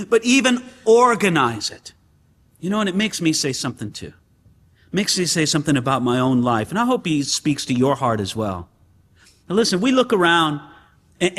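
A man preaching a sermon in an animated way, full of rhetorical questions and rising exclamations. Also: high-pitched. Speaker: pastor. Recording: long hall reverb.

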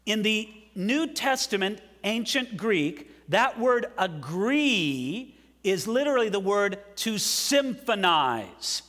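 A man's voice: high voice, big pitch swings, slow, fairly bright tone. A man preaching a sermon as pastor, emphatic and often asking the congregation questions. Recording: long hall reverb.

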